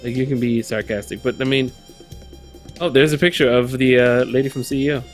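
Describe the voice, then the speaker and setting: A man's voice: medium pitch, fairly even intonation, a little fast, faint music behind. Rambling male podcast co-host. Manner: rambling, stops to search for words. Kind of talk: casual podcast chat.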